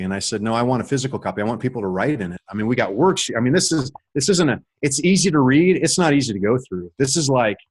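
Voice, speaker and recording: A middle-aged man telling a personal story in a casual, rambling way, with many restarts and animated stretches. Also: medium pitch, breathy edge. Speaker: author and guest on a call.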